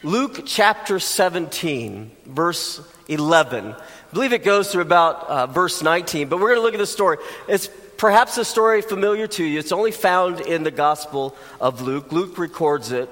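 A man's voice: a little high, animated, moderate pace, fairly bright tone, big-room sound. A man preaching a sermon in a conversational way, with joking asides to the congregation. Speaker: pastor.

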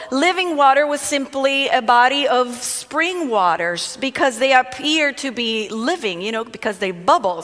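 A woman with a high voice reads scripture aloud and then talks it through in an easy, conversational way. Her words ring out with a long reverb trail, as in a large hall. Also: a bit bright. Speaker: Bible teacher. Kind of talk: sermon with scripture reading.

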